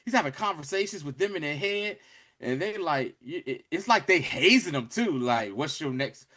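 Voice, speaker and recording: A man's voice: fairly high pitch, animated, moderate pace, pushed and bright. A young man in casual chat, animatedly retelling a show's scenes with slang and acted-out quotes. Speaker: podcast co-host reviewing a show. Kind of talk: casual chat recapping a show.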